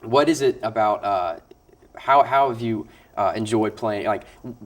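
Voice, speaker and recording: A man's voice: fairly low pitch, a little slow. Chatty young male sports show host. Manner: chatty, many restarts. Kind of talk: interview.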